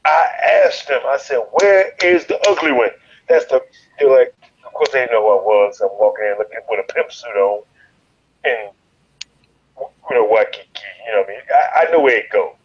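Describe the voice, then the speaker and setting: A man from Chicago telling a wild story in an interview, profane and animated, leaping into loud quoted voices. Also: on the low side, brisk, husky, dull audio. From Chicago, USA. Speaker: guest, fighter.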